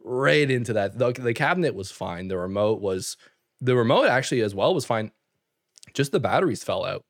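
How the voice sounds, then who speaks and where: Lively storytelling young man, dry mic. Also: medium pitch, no echo. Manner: animated storyteller, fast filler-heavy talk with laughs. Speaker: podcast co-host. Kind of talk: casual chat.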